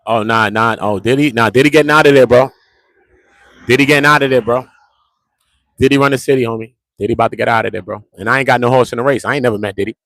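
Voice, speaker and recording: A man's voice: mid-range voice, steady tone, quick pace, a bit bright, no room sound, clean studio sound. A man, rambling casually to the camera in slang, joking and repeating himself.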